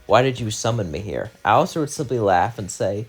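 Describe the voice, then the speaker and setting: A man's voice: on the low side, lively intonation, brisk, few pauses, slightly rough, faint music behind. A young man, the host of his channel, telling a fan-made story in a loose, run-on way, stringing events together with "as" and "would say". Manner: loose run-on narration, many "as" and "would say" links; chatty and rambling in the outro, many fillers. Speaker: channel narrator. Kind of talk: casual fan-fiction storytelling.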